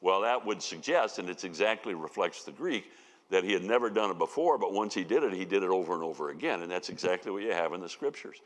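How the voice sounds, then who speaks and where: Animated low-voiced man teaching a sermon. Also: quick pace. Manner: animated storytelling with folksy asides. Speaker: Bible teacher. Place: church sanctuary. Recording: long reverb of a church hall.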